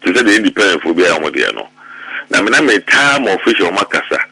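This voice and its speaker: A middle-aged Ghanaian man in heated political commentary, animated and quick to repeat himself when worked up. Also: low-pitched, husky, dry recording, rough recording. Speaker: political party member.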